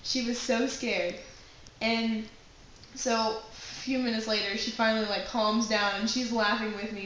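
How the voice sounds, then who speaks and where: A young woman telling a personal prank story to her acting class, with lively asides and a chatty delivery. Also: mid-range voice. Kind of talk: personal anecdote told to a class. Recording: very echoey room with faint background noise.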